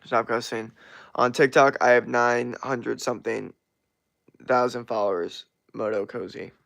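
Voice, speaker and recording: Gravelly, blunt young-sounding streamer man. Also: mid-range voice, fairly even intonation, measured pace, fairly bright tone, dry recording, clean studio sound. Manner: blunt and profane, laughs often. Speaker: streamer answering chat. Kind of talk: casual livestream chat.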